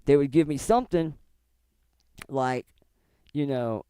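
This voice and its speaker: A man's voice: slow, pauses often, clean tone, dry recording, clean studio sound. Swearing man telling loose stories. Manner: loud, swearing storyteller who jumps into high mocking voices. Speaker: stream co-host. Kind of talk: casual profane chat.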